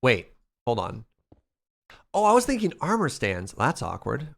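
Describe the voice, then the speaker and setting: This man's mid-range voice is creaky and unhurried as he streams a building game live. He chats playfully and with animation, addressing his viewers in the chat.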